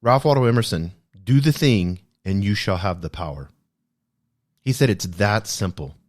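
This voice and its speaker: A man's voice: fairly low pitch, lively intonation, moderate pace. A man hosting a podcast, discussing a self-help book in an earnest, reflective way and repeating key phrases for emphasis. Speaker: podcast host.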